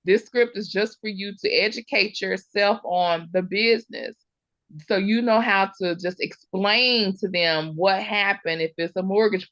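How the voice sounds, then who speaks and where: A woman, teaching surplus funds recovery on a video call, telling stories in a lively, chatty way with folksy comparisons. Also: mid-range voice, no echo. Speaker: host, surplus funds mentor. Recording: dull lo-fi video call audio.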